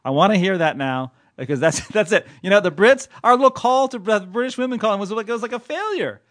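A man's voice: sits high, animated, quick pace, a bit bright. Rambling jokey male podcast co-host. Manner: rambling, jokey, laughs often. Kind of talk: casual chat.

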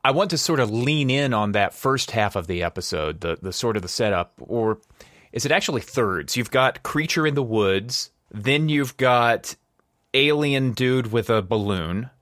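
A man hosting a podcast in casual chat, relaxed and steering the discussion. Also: medium pitch, measured pace, no echo, studio quality. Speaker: podcast host.

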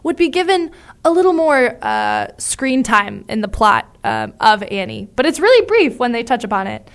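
A woman with a fairly high voice co-hosts a casual conversation about musicals. She is chatty and enthusiastic and fills her talk with ums and you-knows. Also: wildly swooping pitch, moderate pace. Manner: chatty, many fillers, enthusiastic. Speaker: podcast co-host.

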